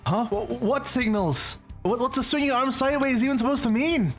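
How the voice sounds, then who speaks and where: A man's voice: extremely high pitch, fairly quick, faint music behind, voice pushed up. A man voicing a nervous, easily startled young man who stammers when flustered, as fan voice acting of a game script.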